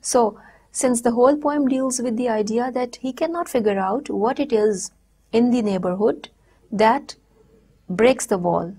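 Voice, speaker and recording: A woman giving a recorded university lecture, explaining step by step in a measured way with frequent pauses. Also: on the high side, dark tone, husky.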